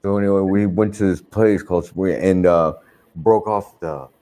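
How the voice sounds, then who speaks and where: A man's voice: low-pitched, moderate pace, dark tone. An older man telling a rambling, profane anecdote in an interview, often restarting and swearing freely. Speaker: wrestler telling a story in an interview.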